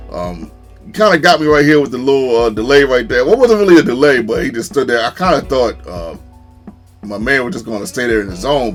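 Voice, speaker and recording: A man giving casual, chatty commentary over his own football video game match, laughing often and getting excited at big plays. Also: mid-range voice. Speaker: gaming YouTuber.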